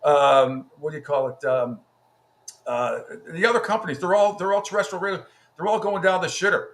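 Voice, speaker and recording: A man's voice: fairly high pitch, fairly quick, fairly bright tone. A man hosting a radio show, talking bluntly and profanely about the business, often restarting his sentences. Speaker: radio host. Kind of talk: casual radio chat.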